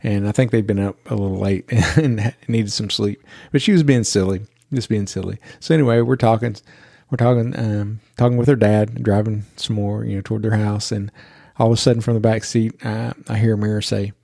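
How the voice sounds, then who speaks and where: A man's voice: lowish voice, steady tone, fairly quick, creaky, warm tone, dry recording, studio quality. A man hosting a podcast, telling a story in a chatty way and laughing as he goes. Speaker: podcast host. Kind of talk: casual storytelling.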